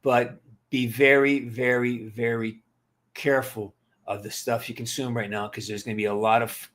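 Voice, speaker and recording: Answering viewer comments, a middle-aged livestream host delivers a blunt, emphatic, profane rant to his live chat. He speaks at a medium pitch with a slightly bright tone.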